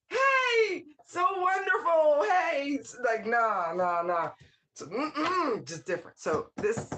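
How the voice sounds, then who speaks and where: A slightly bright, medium-pitched voice belongs to a tarot reader working through a spiritual reading in a loose, unscripted monologue. She's blunt, swears freely, and slips into wry asides, often laughing mid-sentence.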